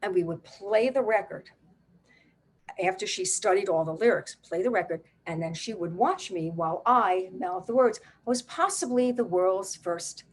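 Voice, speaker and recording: An older woman, a playwright and solo performer, telling a family story on stage in a wry, animated, conversational way. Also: mid-range voice, normal speed, slightly rough.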